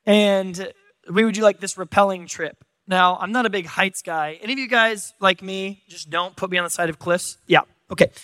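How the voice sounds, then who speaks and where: A man's voice: high voice, normal speed, pushed and bright, no room sound. A man from San Diego preaching a sermon in a church, telling stories with joking, self-deprecating humor. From San Diego, USA. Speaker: pastor. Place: church stage.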